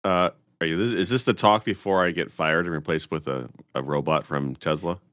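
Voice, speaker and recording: A man's voice: low-pitched, moderate pace, a bit bright, no echo. A man joining a casual podcast as co-host, laid-back and self-mocking. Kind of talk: casual chat.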